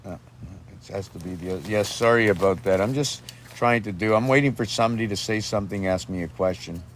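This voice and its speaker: Man on his own video, rambling, free-associating, voice on the low side. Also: fast, a bit bright, slight background noise. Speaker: video maker. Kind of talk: rambling monologue. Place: outdoors with dogs.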